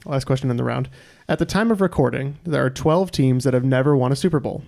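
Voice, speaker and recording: A man hosting a podcast quiz, reading trivia questions in a measured way with dry asides. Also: mid-range voice, gravelly, a little mellow. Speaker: quiz host.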